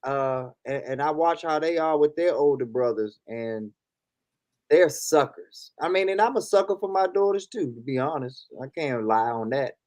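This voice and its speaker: A man's voice: a little high, animated, normal speed, darkish tone, no echo. A man, a guest on a casual livestream chat, speaking frankly and telling stories about family. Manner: frank, storytelling.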